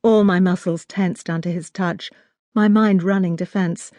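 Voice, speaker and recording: Low-voiced woman narrating a romance audiobook. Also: steady tone, a little slow, warm tone, dry recording. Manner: intimate, wry storytelling. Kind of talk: scripted first-person audiobook narration.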